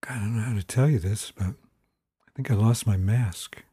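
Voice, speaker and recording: A man's voice: on the low side, moderate pace, warm tone, slightly rough, dry recording, clean studio sound. A man voicing an anxious grown man in a told story, hesitant and repeating his words.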